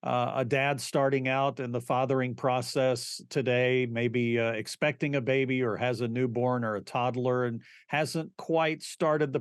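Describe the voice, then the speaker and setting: A man's voice: mid-range voice, no room sound. Courteous male podcast host, dry sound. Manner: plain, courteous questioning with light fillers. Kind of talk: interview questions.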